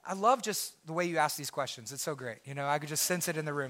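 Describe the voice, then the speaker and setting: A man preaching a sermon as pastor, swinging from loud emphatic preaching to quiet, intense asides. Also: a little high, lively intonation, a little fast.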